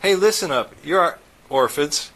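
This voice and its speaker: A man reading as an excitable, reckless male tech inventor who talks in an eager, persuasive way. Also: normal speed. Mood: pushy. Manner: eager, persuasive salesman pitch.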